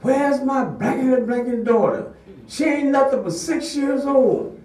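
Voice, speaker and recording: A man's voice: very high-pitched, a little slow, pitched above the performer's own voice. A man doing a screaming, furious mother. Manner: loud, ranting, censored cursing. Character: frantic swearing mother, screaming, furious woman. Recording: echoey room, distant mic.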